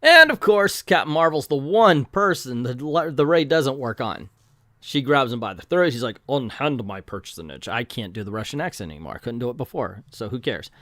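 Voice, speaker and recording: A man's voice: mid-range voice, big pitch swings, fairly quick, bright, forceful tone, no room sound, clean studio sound. A man reviewing a comic book in a casual, sarcastic and exasperated commentary vlog.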